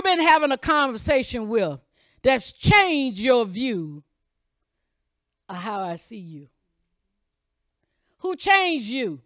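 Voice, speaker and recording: Woman preacher, fervent sermon delivery, highish voice, dry sound. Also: sing-song, takes it slowly, long pauses, no echo. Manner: impassioned preaching, swings from loud calls to low asides; reads scripture aloud and comments between verses.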